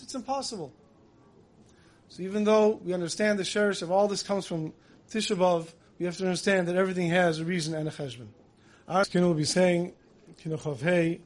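A man giving a Tisha B'Av style sermon, telling a parable and acting out the dialogue, then slowly chanting lament verses. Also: high voice. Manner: storytelling, acts out dialogue in voices. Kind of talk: sermon with storytelling.

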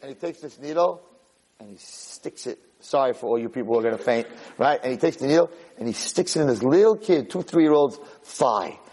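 A man teaching a religious lesson through animated storytelling, acting out the people in his stories. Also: medium pitch, fairly quick, husky. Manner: animated storyteller, acts out characters. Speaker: Torah teacher. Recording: podcast audio.

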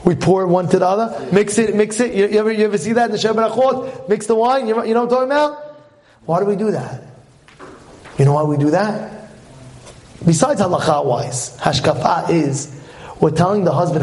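Rabbi guy giving a jokey torah talk, fairly high voice, keeps asking the crowd stuff. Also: moderate pace, pauses often. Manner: animated, acts out little scenes, asks the audience questions. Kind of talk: lively Torah talk with jokes.

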